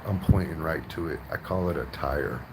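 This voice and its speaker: A man with an extremely deep voice rants on his vlog, rambling and swearing and tagging his points with right. He is in a vehicle, and steady road noise hums beneath his voice. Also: moderate pace. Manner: profane, rambling, keeps asking right. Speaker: vlogger. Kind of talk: ranting vlog.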